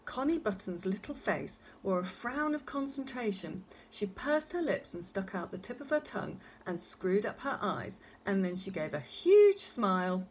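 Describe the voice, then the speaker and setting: A woman reading a children's storybook aloud in an expressive, animated way. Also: mid-range voice, moderate pace, few pauses, a little hiss or hum. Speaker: narrator.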